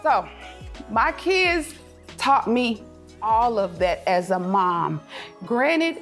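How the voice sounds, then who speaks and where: A woman's voice: big pitch swings, very slow, pauses often, soft background music. Passionate woman giving an uplifting faith-filled speech. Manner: passionate and preachy, mixing faith with business advice; swings into high, laughing voices when quoting her kids and herself. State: emotional, near tears at times. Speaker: event speaker. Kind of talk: motivational speech to a live audience. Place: event room with an audience.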